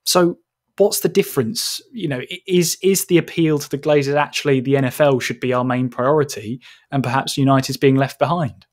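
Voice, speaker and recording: A man's voice: medium pitch, fairly even intonation, fairly quick. Man hosting a casual sports podcast. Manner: steers the talk, asks questions, restarts phrases. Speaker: podcast host.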